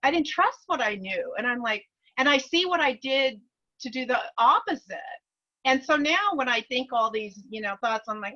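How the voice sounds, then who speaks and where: A woman's voice: high voice, lively intonation, normal speed, pushed and bright, highs cut off. A woman sharing her story eagerly on a group video call, rambling with restarts and laughing often. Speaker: course participant.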